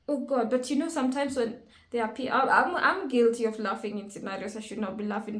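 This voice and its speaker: Higher-voiced woman reacting in a roomy space. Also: quick pace, a bit bright. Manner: emotional, exclaims often, thinks aloud. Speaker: reaction video host. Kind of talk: casual reaction commentary. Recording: roomy echo with faint music.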